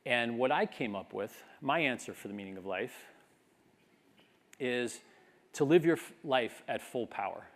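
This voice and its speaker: A man's voice: mid-range voice, animated, unhurried, long pauses. A man in his fifties giving a graduation speech, earnest and reflective, building to a rousing call. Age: 50s. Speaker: commencement speaker.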